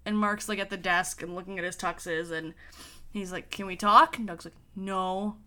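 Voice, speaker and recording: A woman's voice: on the low side, fairly even intonation, brisk, bright, forceful tone. A woman co-hosting a podcast who recaps plot events in wry storytelling and quotes the characters as she goes. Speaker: podcast co-host. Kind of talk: casual chat recapping a TV episode.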